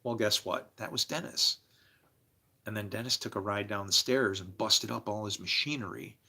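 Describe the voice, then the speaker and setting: A man livestreaming, telling rambling personal stories in a loose, animated way, laughing and swearing freely as he jumps between tangents. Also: lowish voice, moderate pace, creaky. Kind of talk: casual rambling storytelling.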